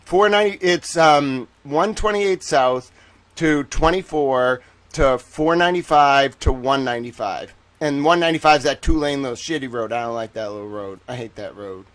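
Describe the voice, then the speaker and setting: A man's voice: mid-range voice, normal speed. A man with a Boston accent hosting a casual livestream chat, ranting and joking with heavy swearing and frequent laughter while talking to viewers in chat. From Boston, Massachusetts. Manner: animated, jokey, laughs often; addresses chat viewers by name. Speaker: livestream host.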